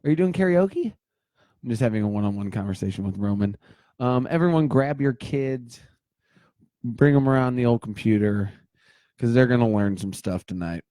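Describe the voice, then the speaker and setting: A man in his thirties chats loosely on a livestream, rambling from story to story and tossing in jokes as he greets viewers. His voice sits in a middle pitch with a mellow, darker tone. The sound is dry and close, with no room echo. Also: animated, moderate pace. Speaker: livestream host. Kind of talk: casual livestream chat.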